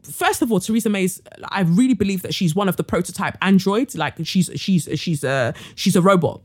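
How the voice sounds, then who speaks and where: A woman's voice: mid-range voice, a little fast, hardly any pauses, husky. A woman podcast host with a London accent, ranting bluntly and indignantly, swearing freely. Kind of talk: ranting monologue.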